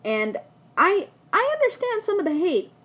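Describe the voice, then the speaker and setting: A woman's voice: very high voice, very animated, normal speed, fairly bright tone. A woman giving a casual spoken film review, enthusiastic and rambling with frequent restarts, her voice worn as if she is losing it.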